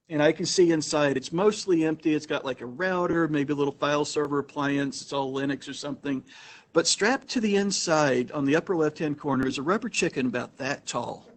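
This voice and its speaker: A man with a slightly raised pitch speaks to a small audience in a meeting room. He talks casually and anecdotally, doubling back and restarting sentences as he goes. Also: normal speed, a little hiss or hum. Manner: chatty, anecdotal, frequent restarts. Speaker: meetup host and presenter. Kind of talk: casual storytelling talk to a small group. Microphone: room recording mic.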